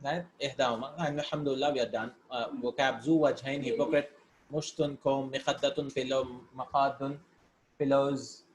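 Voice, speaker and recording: A man's voice: mid-range voice, flat delivery, moderate pace. A man teaching an Arabic lesson, reading Arabic words and sentences, explaining them step by step in English and checking in with "right?". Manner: explains step by step, asks "right?" between points. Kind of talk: recorded language lesson. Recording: echoey room with faint background hiss.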